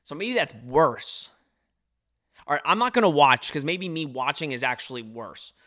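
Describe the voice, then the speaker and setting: A man's voice: fairly high pitch, moderate pace. A young man hosting a live watch-along podcast, reacting anxiously to a football game and answering chat viewers. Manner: anxious, excitable, talks to chat readers. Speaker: podcast host.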